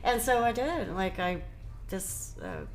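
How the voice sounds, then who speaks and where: A woman's voice: medium pitch, huge pitch swings, takes it slowly, heavy background noise. A middle-aged woman, a guest musician on a podcast, speaking earnestly and often finishing her twin sister's sentences in casual conversation. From Ohio, USA. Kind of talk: casual interview chat.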